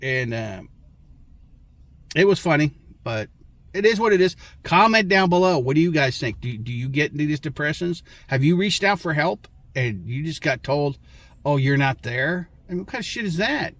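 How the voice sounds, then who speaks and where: A man's voice: on the high side, expressive, normal speed, a bit bright, no echo. A man telling his own story to his viewers, talking casually and frankly, with lots of swearing, restarts and short laughs. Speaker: vlogger.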